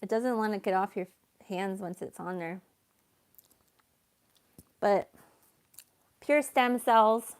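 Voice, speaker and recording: A woman hosting a casual livestream, soft-spoken and chatty, reading viewer comments aloud. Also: mid-range voice, slow pace, pauses often, clear, resonant tone. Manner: soft-spoken, chatty, baby-talks to her cat. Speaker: livestream host.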